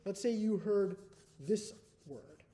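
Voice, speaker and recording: A man's voice: high-pitched, slow, warm tone, a little hiss or hum. A male first-grade teacher giving a recorded spelling test to young children, patient, often checking in with "okay?" after each step.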